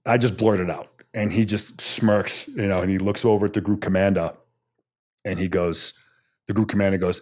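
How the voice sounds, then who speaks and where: A man's voice: deep voice, steady tone, moderate pace, darkish tone. A man, a former soldier, telling his story bluntly and emphatically as a podcast guest, swearing casually.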